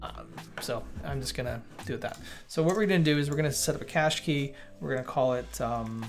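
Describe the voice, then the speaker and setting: A man's voice: medium pitch, a little fast. A man teaching coding on a livestream, thinking aloud and correcting himself as he chats to viewers. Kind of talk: casual live coding walkthrough. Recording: light background music. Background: faint music.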